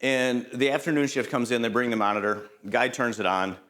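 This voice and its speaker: Speaking briskly at a medium pitch, a middle-aged safety trainer runs a conversational lecture built on lively stories from his work. He quizzes the listeners and sprinkles "right?" throughout.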